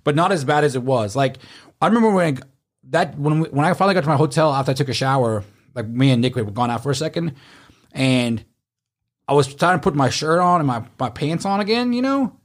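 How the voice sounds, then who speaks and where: A man casually telling animated stories among friends, swearing freely and acting out what people said. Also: a little high, brisk. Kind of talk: casual storytelling chat.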